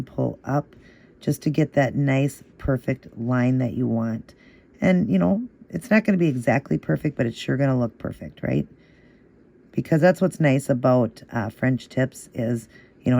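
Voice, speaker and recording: A man hosting a nail art tutorial, explaining each step in a patient, encouraging way and repeating the moves in a steady rhythm. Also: medium pitch, creaky. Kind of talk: casual step-by-step tutorial narration.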